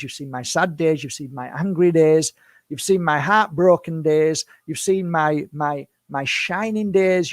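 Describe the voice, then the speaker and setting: A man's voice: fairly high pitch, no echo, studio quality. A man in his fifties, a spiritual healer, speaking to camera in an impassioned, defensive monologue full of rhetorical questions. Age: 50s.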